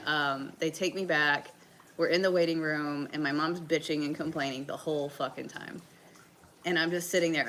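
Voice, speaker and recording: Her voice is low with a fairly bright tone, captured in poor audio with a little hiss or hum. She's a livestream host from the American South, sick with a bug, casually telling a story and leaning heavily on fillers and curse words.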